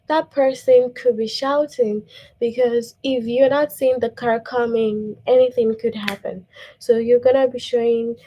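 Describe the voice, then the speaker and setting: A woman's voice: a little high, steady tone, normal speed, mellow, low-quality recording. A woman teacher giving a patient grammar lesson to young children, checking in with "okay?" and reading example sentences aloud.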